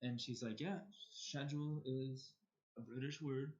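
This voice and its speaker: An American man tells a personal story on a live stream in a loose, casual way. He often trips over his words, repeating them and starting over. His voice sits in a middle pitch, and the stream audio sounds a bit dull and lo-fi. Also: steady tone, unhurried, a little mellow. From United States.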